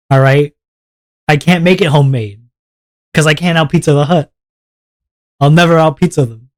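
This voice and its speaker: A man's voice: a little high, moderate pace, long pauses, a little mellow. A young man from Canada, a streamer ranting casually and with exasperation, swearing and laughing as he talks. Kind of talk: casual livestream rant.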